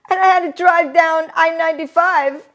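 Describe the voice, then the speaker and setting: A middle-aged woman telling a personal story candidly in a halting way, often laughing mid-sentence. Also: very high-pitched, fairly bright tone. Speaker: interviewee.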